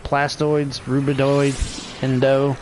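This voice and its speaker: A man's voice: medium pitch, flat delivery, slow, darkish tone, slight background noise. A middle-aged man chatting casually while playing a game, rambling and swearing freely with frequent laughs. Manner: rambling, profane, laughs often. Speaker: gaming vlogger. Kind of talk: casual gameplay chat.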